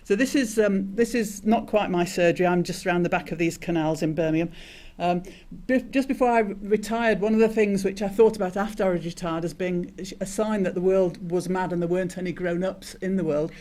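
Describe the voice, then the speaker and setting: High-voiced older man giving a halting talk. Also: a little mellow. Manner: hesitant, many restarts and fillers. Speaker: retired doctor speaker. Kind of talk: conference talk with anecdote. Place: conference hall.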